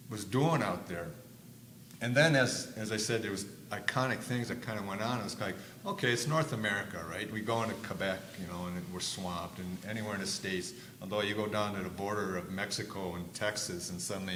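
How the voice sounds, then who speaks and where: Older male panelist, low-pitched storyteller, loud quoted voices, echoey stage sound. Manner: animated storyteller, acts out quotes loudly. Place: conference stage. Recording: echoey room with faint noise.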